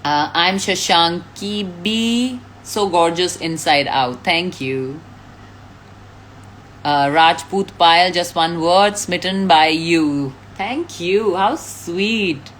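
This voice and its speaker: A woman's voice: lowish voice, takes it slowly, a little hiss or hum. A woman, chatting casually on a live stream, reading out fan comments, thanking people and laughing often. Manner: reads out names, thanks fans, laughs often.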